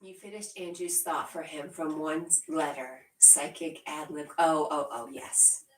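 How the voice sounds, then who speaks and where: A woman's voice: sits low, steady tone, unhurried. A woman hosting a casual livestream, reading viewer comments aloud and laughing often between her remarks. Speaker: livestream host. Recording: roomy echo, distant from the mic.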